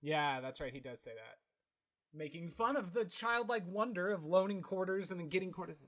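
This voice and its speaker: A man co-hosting a podcast, recapping a cartoon episode in lively casual chat and jumping into high voices when quoting scenes. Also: moderate pace. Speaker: podcast co-host.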